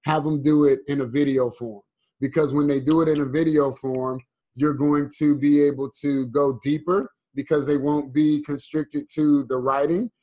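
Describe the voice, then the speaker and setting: A man's voice: a little high, steady tone, moderate pace, dark tone. A man as a guest on a casual podcast, speaking in a reflective, earnest way.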